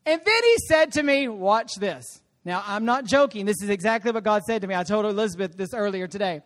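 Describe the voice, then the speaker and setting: Woman, high voice, guest preacher, animated sermon, call-and-response. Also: brisk. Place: church service.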